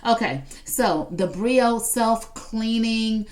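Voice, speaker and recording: Her pitch is fairly high and her pace slow. She's a live shopping host on a casual stream, chatting away, addressing the audience and voicing their chat comments.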